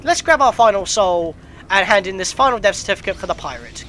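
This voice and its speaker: Chatty let's-play guy, high and bright, excitable yells. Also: a little fast, slight background noise. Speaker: let's player. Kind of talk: gameplay commentary.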